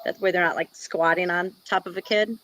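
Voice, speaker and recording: A woman's voice: fairly low pitch, fairly even intonation, brisk, fairly bright tone, poor audio. A woman from Wisconsin, a jiu-jitsu instructor, talking casually in an interview and filling her sentences with "like" and "you know.". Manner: chatty, many "like" and "you know" fillers. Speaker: guest, jiu-jitsu black belt and instructor.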